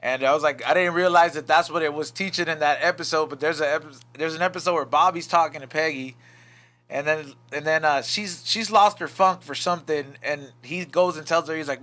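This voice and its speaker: A man's voice: on the high side, a little fast, pushed and bright. A man hosting a casual podcast, earnest and rambling, full of "you know" and "like".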